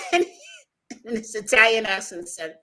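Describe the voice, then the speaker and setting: An American woman hosts a conversational interview podcast, speaking at a normal speed in a voice on the high side. She's an animated storyteller and laughs often.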